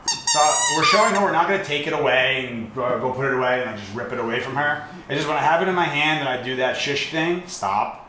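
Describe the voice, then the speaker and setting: Man giving calm commands in an echoey room. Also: mid-range voice. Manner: calm commands and quick praise, shushing. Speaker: dog trainer. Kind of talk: hands-on training demonstration. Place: indoor building with an elevator. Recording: echoey room with steady background noise.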